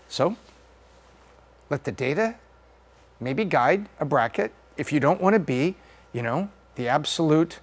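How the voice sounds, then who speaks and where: A man hosting a podcast, talking casually through slides and acting out little jokey voices. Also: high-pitched. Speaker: podcast host.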